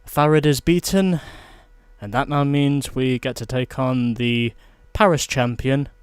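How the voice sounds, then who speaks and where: A man's voice: medium pitch, steady tone, a little slow, clear, resonant tone, no room sound. Chatty man commenting on gameplay. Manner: chatty, explains as he plays. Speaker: let's play host.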